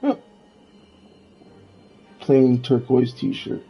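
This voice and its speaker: A man streaming a video game live, narrating his moves in a relaxed way and chatting to viewers. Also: mid-range voice, very slow, slightly rough, dull audio, faint music behind. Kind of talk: casual live game commentary.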